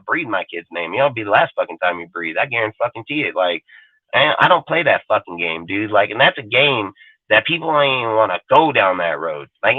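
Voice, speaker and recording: A Californian man hosting a fan channel livestream rants aggressively, swearing heavily and full of swagger. His voice is mid-range, and the dry recording sounds tinny, like a phone.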